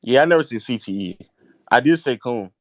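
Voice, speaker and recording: Fast talking guy in an audio chat argument, stays calm, keeps repeating himself. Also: mid-range voice, no room sound, clean studio sound. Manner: calm, repetitive, stammering restarts.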